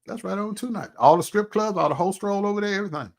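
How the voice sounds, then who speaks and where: A man's voice: high-pitched, fast talker. A man, hosting a heated commentary rant, profane and mocking as he talks. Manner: animated, profane, mocking imitations. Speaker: commentary show host.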